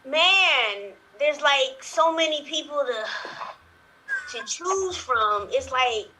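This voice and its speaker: A woman's voice: sits high, animated, drawn-out words, background noise, heavily acted. A woman playing a sleepy, drawling suspect. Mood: hesitant. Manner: hesitant, drawling, many fillers.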